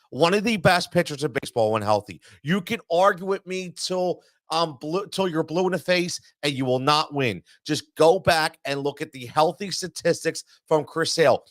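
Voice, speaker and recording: A man's voice: on the high side, dry recording, studio quality. A man hosting a sports talk show, ranting in an exasperated monologue full of repetition and stammering restarts.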